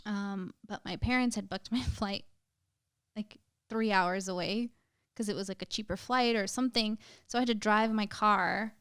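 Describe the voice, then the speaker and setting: A woman's voice: medium pitch, fairly even intonation, normal speed, a bit bright, clear, resonant tone, no echo, studio quality. A young woman, a podcast guest, telling a painful personal story in casual chat, emotional, with lots of "like" fillers and some swearing.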